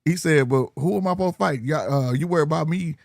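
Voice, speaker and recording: A man with a slightly raised, gravelly voice talks boxing with a friend in loose, profane chat. He builds his stories with bursts of energy. The sound is close and dry, with no room around it. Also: on the high side, fast, no room sound. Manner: animated, profane storytelling with laughs. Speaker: boxing podcast co-host. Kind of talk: casual chat. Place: home studio, live stream.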